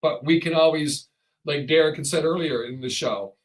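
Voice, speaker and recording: Guy rambling on his podcast, kinda high voice, does little voices for people. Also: moderate pace, rough recording. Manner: rambling, animated, acts out quoted voices. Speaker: podcast host. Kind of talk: casual chat.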